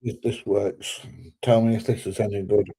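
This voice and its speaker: Chatty man, mellow voice. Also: on the low side, level tone, moderate pace, breathy edge. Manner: chatty, reads viewer comments aloud, loose and rambling. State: recovering from illness, slightly short of breath. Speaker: livestream host. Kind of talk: casual livestream chat.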